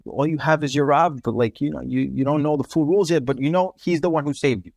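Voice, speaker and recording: A man's voice: fairly high pitch, fast talker, gravelly, a little mellow, dry recording. A man with a New York accent, a podcast guest telling a heartfelt personal story in casual conversation, full of fillers and restarts. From Russia. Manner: earnest, emotional storytelling with many fillers.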